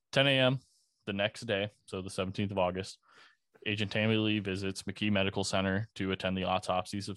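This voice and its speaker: A man with a low-pitched voice talks through events in a casual, conversational way, dropping profanity and dry sarcastic asides as he goes. The sound is close and dry, with no room around it. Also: fairly bright tone, dry recording. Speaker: podcast host. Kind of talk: casual true-crime narration.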